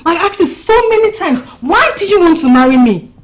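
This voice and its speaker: A hurt, reproachful bride. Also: female voice, very high-pitched, expressive, fairly quick. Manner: reproachful, pleading. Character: hurt young bride confronting her fiancé.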